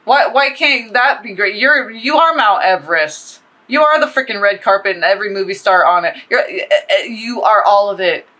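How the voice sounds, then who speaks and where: A woman giving a casual tarot reading, talking in a rambling, profane and animated way. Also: medium pitch, moderate pace, hardly any pauses, poor audio. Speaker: tarot reader.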